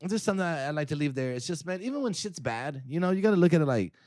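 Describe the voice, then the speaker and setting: A man's voice: a little high, expressive, rapid-fire, darkish tone, dry recording. Dude rambling and cussing his way thru podcast stories, laughs a lot, dry mic. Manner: profane, rambling, laughs often. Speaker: podcast co-host. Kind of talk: casual storytelling chat.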